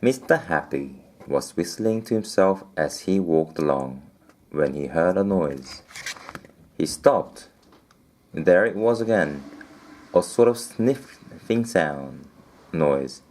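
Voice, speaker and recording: A man reads a children's storybook aloud. His voice is deep and his pace unhurried, and he turns to the listener now and then with playful asides. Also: animated, darkish tone, slight background noise.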